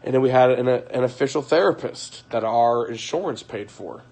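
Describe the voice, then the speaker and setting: A man's voice: medium pitch, normal speed, darkish tone. A young man telling a personal story on a livestream in a rambling way, acting out what others said. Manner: rambling, frequent fillers, acts out quoted voices. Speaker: streamer.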